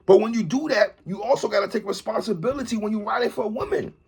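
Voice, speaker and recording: A commentary vlogger delivers an animated opinion monologue, calling out a TV host and repeatedly adding "sister, respectfully." His voice is high, fast, creaky, and slightly rough.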